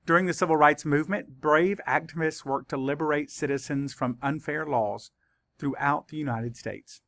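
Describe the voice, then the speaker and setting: A man teaching a spelling lesson to children, saying words slowly and spelling them out letter by letter. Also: fairly high pitch, gravelly, fairly bright tone, no echo. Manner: slow, careful letter-by-letter spelling.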